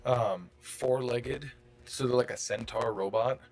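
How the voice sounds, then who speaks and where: A man's voice: mid-range voice, a little slow, darkish tone. A man running a tabletop game, describing the scene in a rambling, casual way with lots of fillers. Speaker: game master.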